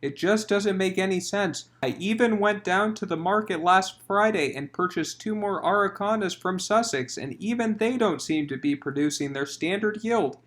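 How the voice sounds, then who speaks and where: A man's voice: high-pitched, normal speed, hardly any pauses, a bit bright. A man doing a fussy fretting priest. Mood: fretful. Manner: long-winded, fretful. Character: fussy worried male country priest.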